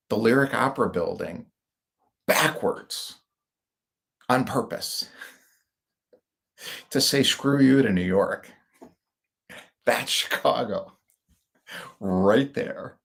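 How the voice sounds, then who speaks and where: A man's voice: fairly low pitch, gravelly. A middle-aged man from the United States rambling through personal stories with wry asides, in casual monologue style. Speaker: speaker.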